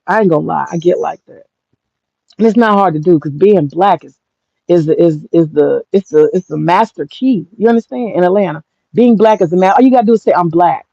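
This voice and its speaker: A woman's voice: mid-range voice, gravelly, a little mellow, no room sound, dull audio. A woman who runs an event rental business, telling candid stories in a blunt, profane, boastful way. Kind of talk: candid casual storytelling.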